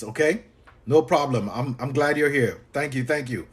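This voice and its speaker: A man's voice: mid-range voice, moderate pace, slightly rough. A man coaching live on a livestream, casual and chatty, talking to viewers by name and repeating himself. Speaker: business coach. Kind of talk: livestream tutorial.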